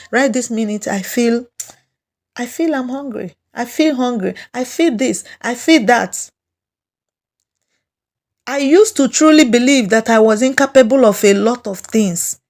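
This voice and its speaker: A woman with a Nigerian English accent giving a slow, repetitive self-help lesson, coaching listeners through their feelings. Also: on the high side, a little mellow.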